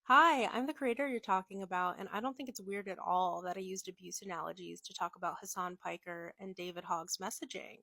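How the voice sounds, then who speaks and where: A woman tears into her targets in a heated, profanity-laced rant. Her bright, cutting voice sits at an ordinary pitch, and her tone stays sarcastic and scornful throughout. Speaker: political commentator. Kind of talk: ranting commentary to camera.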